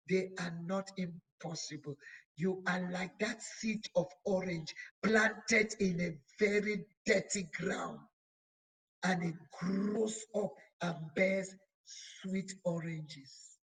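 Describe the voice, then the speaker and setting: A woman's voice: fairly low pitch, husky, rough recording. A woman bishop preaching a sermon, building emphasis through repeated phrases. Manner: emphatic, repetitive exhortation; slow, deliberate delivery with stretched words.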